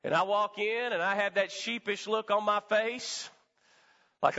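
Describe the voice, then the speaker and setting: A man's voice: high-pitched, fairly even intonation, a little slow, bright, forceful tone. A male pastor preaching a sermon in a church, with emphatic call-and-response delivery. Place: church sanctuary. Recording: reverberant hall, dull lo-fi sound.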